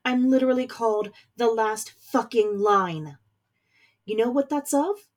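A woman's voice: medium pitch, normal speed, husky, lightly acted. Woman voicing a steely warlock general mother. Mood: stern scornful. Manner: forceful, scornful, rising to anger. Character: stern powerful middle-aged warlock general mother.

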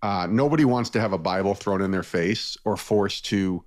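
A man appearing as a radio interview guest, telling a personal story in a lively way, with his voice lifting when he is moved. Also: on the low side, moderate pace.

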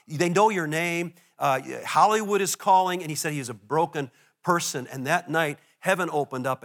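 High-voiced pastor telling a story. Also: male voice. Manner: storytelling, animated, self-deprecating asides. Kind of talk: sermon. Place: church before a congregation.

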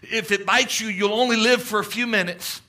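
A man preaches with fervor, his voice sitting unusually high and ringing bright. He retells a vision in long quoted passages, pushing his emphasis upward as the sermon builds. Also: steady tone, normal speed. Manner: fervent, quoting at length, rising emphasis.

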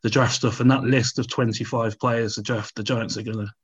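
A man's voice: medium pitch, steady tone, a little fast, a little hiss or hum. A man co-hosting a sports podcast, rambling casually with many restarts and easy laughter. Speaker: podcast co-host. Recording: slightly dull sound.

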